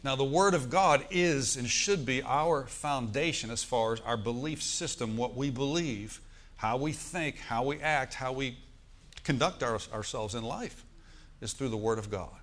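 A man's voice: medium pitch, measured pace, fairly bright tone. A male pastor preaching a sermon in a church, asking his congregation questions and leading them in reciting scripture.

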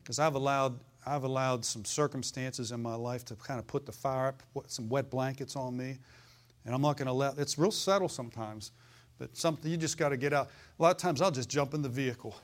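A man's voice: medium pitch, a little fast. Man, pastor, folksy fiery sermon, call-and-response.

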